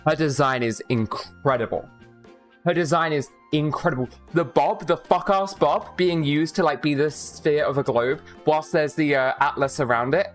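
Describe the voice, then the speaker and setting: A woman's voice: sits low, normal speed, hardly any pauses, soft background music. A woman streaming a video game, chatting casually and rambling with her viewers, often swearing. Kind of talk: casual live-stream chat.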